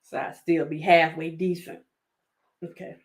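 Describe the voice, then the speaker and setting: A woman's voice: sits low, little pitch movement, measured pace. A woman with a Southern American accent, hosting a casual commentary vlog, sassy and laughing often as she talks to her viewers. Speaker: YouTube commentary host.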